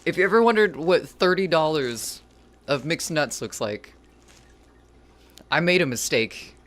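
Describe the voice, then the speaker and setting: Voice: medium pitch, unhurried, fairly bright tone. A cooking streamer chatting casually with viewers while cooking, rambling and poking fun at their own mistakes. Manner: self-deprecating humor.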